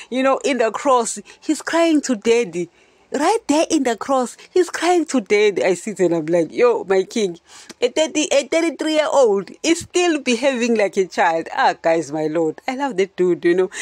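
A woman's voice: mid-range voice, a little mellow, no room sound. A woman hosting a Christian podcast, teaching in a casual, chatty way and often asking her listeners if they understand. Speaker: podcast host.

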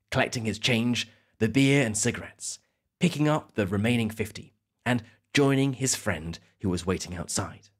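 A man hosting an educational podcast, telling a story in a clear, measured way for learners. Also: on the low side. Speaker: podcast host. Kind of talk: scripted educational narration.

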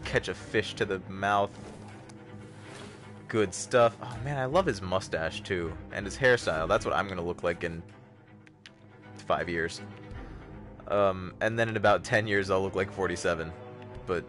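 A man's voice: deep voice, unhurried, pauses often, soft background music. A young man hosting a livestream, giving casual, joking gameplay commentary, chatting with viewers and yelping when startled. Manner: animated, joking, talks to chat, yelps when startled. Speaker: livestream host.

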